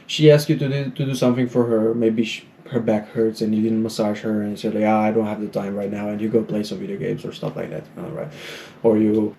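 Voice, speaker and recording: A man talks through relationship advice in a loose, rambling way, sprinkling "you know" and "like" everywhere. His voice is mellow and dark, and he slips into little acted-out bits of dialogue as he goes. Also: medium pitch. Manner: acts out little quoted dialogues. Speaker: dating advice vlogger. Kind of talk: casual advice monologue.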